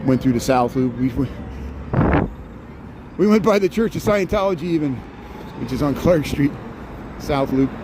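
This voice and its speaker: A man's voice: mid-range voice, expressive, normal speed, pauses often. A man with a Chicago accent live-streaming a walking tour, chatting casually and greeting viewers by name as he walks outdoors. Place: outdoors on a busy city street. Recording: clear traffic noise behind.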